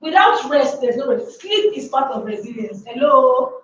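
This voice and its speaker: High, emphatic woman speaker. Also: sing-song, normal speed, slight background noise. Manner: emphatic, with many rhetorical questions. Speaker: workshop speaker. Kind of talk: motivational talk to a live audience. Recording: echoey room from far off, dull sound.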